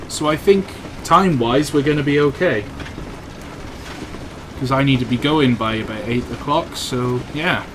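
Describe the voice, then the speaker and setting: A young Welshman with a Welsh accent and a fairly high voice live-streams a train game from home over a desk microphone, with some background noise. He's chatty and teasing, joking with his viewers and answering their chat messages.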